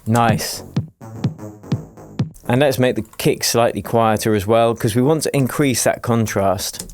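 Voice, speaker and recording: A man teaching music production in a screen-recorded tutorial, explaining each step in a relaxed, jokey way. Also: mid-range voice, a little slow. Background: faint dance music playing from his project.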